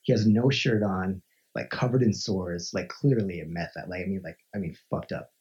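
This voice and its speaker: A man from Montana, a podcast guest, telling a story in a lively, conversational way and acting out the voices he quotes, with many filler "like"s. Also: low voice, normal speed, husky. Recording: dull lo-fi recording.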